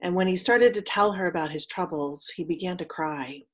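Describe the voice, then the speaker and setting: A lower-pitched woman delivers a sermon as a story, speaking softly and slowly. Her tone is solemn, and she invites the listeners to repeat phrases back to her. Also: breathy edge. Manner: soft, slow, solemn delivery. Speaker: minister.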